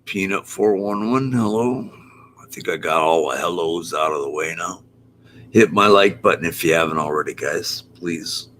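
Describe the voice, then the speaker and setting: A man's voice: low voice, moderate pace, a bit bright, slight background noise. A man on a casual live panel, cheerfully greeting viewers in chat.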